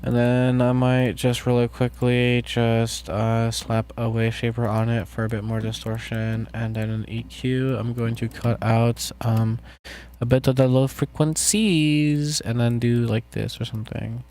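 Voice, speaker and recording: A man's voice: medium pitch, a little slow, slight background noise. Casual man chatting while making beats. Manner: relaxed, jokey, talks to chat while working. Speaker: music producer streaming. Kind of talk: casual live-stream chat while producing music.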